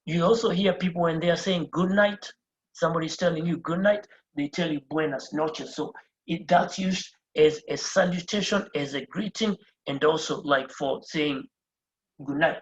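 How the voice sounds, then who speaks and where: Teacher at a board going over basics slow, repeats stuff, spells words out letter by letter, echoey room, kinda muffled. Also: mid-range voice. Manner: patient, explaining step by step. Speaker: Spanish teacher. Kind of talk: beginner language lesson at a board. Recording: roomy, dull lo-fi sound.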